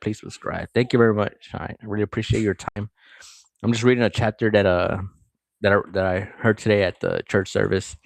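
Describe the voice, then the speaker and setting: Low-voiced guy reading the bible out loud, stops to chat and thank viewers, dry close sound. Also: dry recording. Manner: reads aloud and breaks off to comment, greet viewers. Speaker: scripture reader. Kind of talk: casual scripture reading with commentary.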